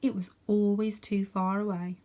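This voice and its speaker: A woman reading a storybook aloud and voicing a frightened, weary girl who speaks quietly. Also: medium pitch, level tone, moderate pace, lightly acted. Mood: uneasy. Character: frightened, weary older sister.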